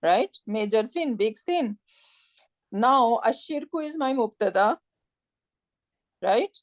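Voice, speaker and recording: A woman's voice: on the high side, animated, slow, no echo. Woman teacher, live grammar class, patient step-by-step explaining, dry close sound. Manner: explains step by step, often checks with "right?"; warm encouraging tone with religious phrases.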